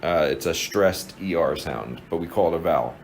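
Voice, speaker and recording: A man's voice: low voice, normal speed, slight background noise, low-quality recording. A man with a New Jersey accent giving an informal lesson, explaining step by step with plenty of fillers and restarts. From New Jersey, USA. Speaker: teacher.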